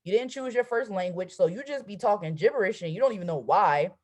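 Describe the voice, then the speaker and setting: A fast-talking woman in her twenties coaches trading on a motivational video-call live stream. Her mid-range voice is lively in intonation, and she speaks emphatically, asking "right?" at every turn.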